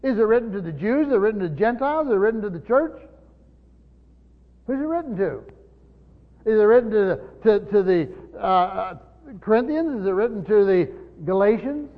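A pastor teaching a congregation in a church, speaking emphatically and firing off rhetorical questions. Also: male voice, high voice, expressive, moderate pace. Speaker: pastor teaching Bible study. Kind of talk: teaching sermon. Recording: dull lo-fi recording with long hall reverb.

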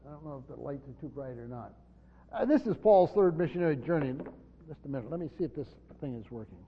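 A man's voice: fairly high pitch, expressive, quick pace, slight background noise. A man pastor teaching through a Bible passage verse by verse, often restarting his sentences and stressing key points, recorded in a church hall. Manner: stumbling restarts, emphatic rises on key points. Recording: dull sound, long hall reverb.

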